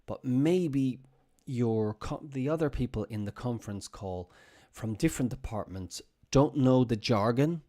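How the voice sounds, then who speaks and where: A man teaching English on a live stream in a chatty way, repeating example phrases slowly for his students. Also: medium pitch, warm tone.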